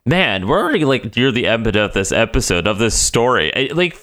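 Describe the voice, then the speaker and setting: A man's voice: mid-range voice, big pitch swings, a little fast, a bit bright. A young man co-hosting a podcast in casual chat, rambling and cutting himself off with jokey asides. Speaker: podcast co-host.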